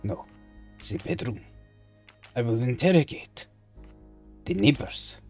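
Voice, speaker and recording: A man putting on a deliberately bad Belgian accent to voice a fussy, pompous male detective while streaming a game. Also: mid-range voice, expressive, a little mellow, soft background music. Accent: put-on Belgian. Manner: slow, theatrical pronouncements. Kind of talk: game streaming, playing along.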